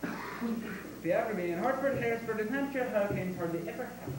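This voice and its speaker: A man's voice: fairly high pitch, sing-song, normal speed. A man playing a bossy, pompous phonetics professor. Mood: lecturing. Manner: lecturing, bossy, impatient. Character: pompous middle-aged male phonetics professor, impatient. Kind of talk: stage musical performance. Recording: echoey hall from far off, noisy.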